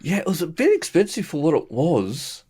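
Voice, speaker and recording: A man's voice: fairly high pitch, big pitch swings, normal speed, dark tone, breathy edge. A man co-hosting a podcast in casual chat, laid-back and answering mostly with short agreements. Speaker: podcast co-host.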